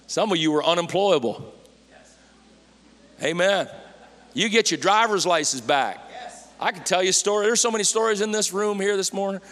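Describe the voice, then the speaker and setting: A man preaching a sermon in a church, folksy and fervent, with his voice rising to shouts at the peaks. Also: fairly high pitch, normal speed, long reverb tail. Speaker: pastor. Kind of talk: Pentecostal-style sermon. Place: church sanctuary.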